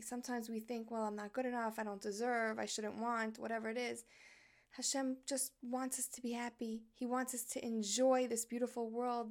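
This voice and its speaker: A woman giving a religious lesson, telling a personal story in an earnest, conversational way. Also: on the high side. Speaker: Torah teacher.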